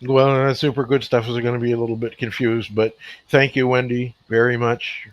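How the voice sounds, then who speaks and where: A man's voice: mid-range voice, level tone, normal speed, dry recording. A man, chatting loosely on a podcast and telling stories in fits and starts. His voice comes through a dull, lo-fi line. The sound is dry and close, with no room around it. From Nova Scotia, Canada. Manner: rambling, stop-start storytelling. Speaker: podcast co-host. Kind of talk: casual chat.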